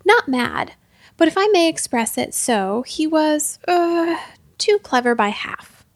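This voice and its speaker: A woman's voice: sits high, very animated, slow, no echo, voice pushed up, full character voice. A woman voicing an elderly, fussy prime minister in a storybook, talking around things in a polite, hesitant way.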